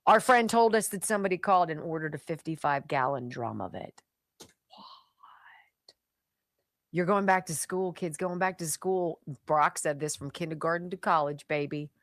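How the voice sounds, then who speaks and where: A woman's voice: deep voice, brisk, hardly any pauses, no echo, clean studio sound. A woman radio talk show host reading sponsor ads live in a chatty, emphatic, jokey way.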